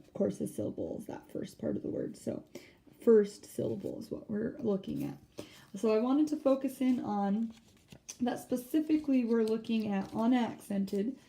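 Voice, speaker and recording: A woman teacher giving a phonics lesson, speaking slowly and stretching words out to show their sounds. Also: mid-range voice, creaky, mellow.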